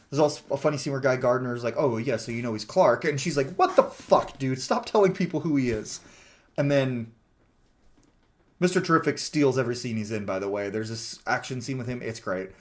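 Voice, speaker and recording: Chatty man recapping a movie. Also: mid-range voice. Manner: chatty, heavy with "like" fillers, swears freely; acts out characters' lines when quoting them. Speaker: movie reviewer. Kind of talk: casual plot-recap movie review.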